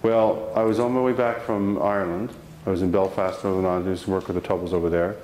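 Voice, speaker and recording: Lively low-voiced male storyteller in hall. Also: quick pace. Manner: animated storyteller, acts out quotes, frequent restarts. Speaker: motivational speaker. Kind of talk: live motivational talk with personal storytelling. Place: room with a live audience. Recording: roomy hall sound, faint background noise.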